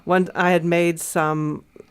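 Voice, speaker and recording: A woman's voice: fairly low pitch, level tone, clean tone. An American woman co-hosting a conversational discussion, thinking aloud with frequent restarts and fillers. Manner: thoughtful, halting, with many restarts and fillers. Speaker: co-host.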